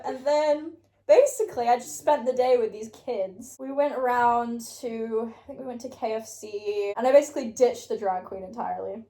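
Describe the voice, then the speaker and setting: A woman's voice: a little high, creaky, dark tone, reverberant. A young woman from England with a British accent, telling stories in a casual chat as host. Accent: British English. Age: young adult. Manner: chatty storytelling, laughs often. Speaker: podcast host.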